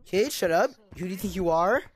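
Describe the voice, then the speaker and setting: A woman's voice: on the low side, lively intonation, fairly quick. A young woman trash-talking other players in game voice chat, repeating taunting, mock-tough insults. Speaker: gameplay streamer.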